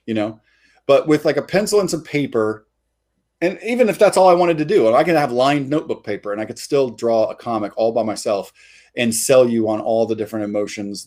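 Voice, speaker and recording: A man's voice: medium pitch, darkish tone. A man, a comic artist guest, chatting casually in an interview and rambling with many fillers and restarts.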